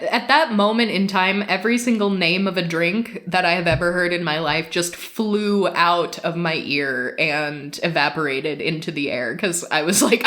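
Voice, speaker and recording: A woman co-hosting a podcast, telling a self-deprecating anecdote in an animated way and laughing often. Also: on the low side. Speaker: podcast co-host.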